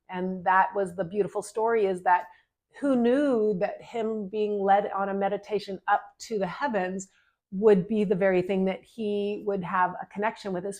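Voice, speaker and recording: A middle-aged woman recounts a healing session with a young client, speaking with earnest, gentle spiritual conviction. Her sentences run on and flow into each other, and her voice sits at an ordinary middle pitch for a woman. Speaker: energy healer telling a client story. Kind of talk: heartfelt storytelling monologue.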